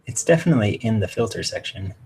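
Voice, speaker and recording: A man's voice: on the low side, lively intonation, fast talker, darkish tone, slight background noise, poor audio. A man filling in as podcast co-host, chatting in an easygoing, encouraging way while drawing. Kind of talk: casual chat while drawing.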